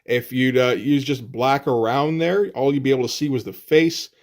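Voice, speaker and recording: A man's voice: mid-range voice, moderate pace. A man reviewing comic books in casual, profane commentary, with frequent "uh"s and "like"s. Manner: casual and profane, often says "uh" and "like".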